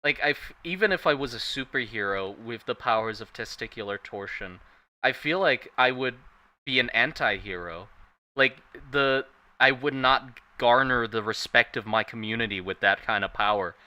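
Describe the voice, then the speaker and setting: A man streaming casually while drawing, rambling and animated, swearing freely. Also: medium pitch, normal speed, dry recording. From Thailand.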